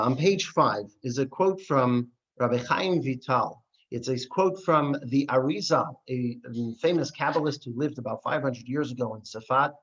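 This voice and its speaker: A man, a rabbi, teaching an adult class, asking rhetorical questions and telling stories with lively voices. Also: mid-range voice. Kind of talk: adult education lesson. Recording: dull lo-fi recording.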